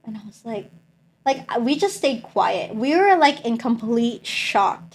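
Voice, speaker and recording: With a slightly high voice and a measured pace, a young woman shares her personal testimony of faith in an interview. She is animated, imitates the people she quotes, and uses "like" often.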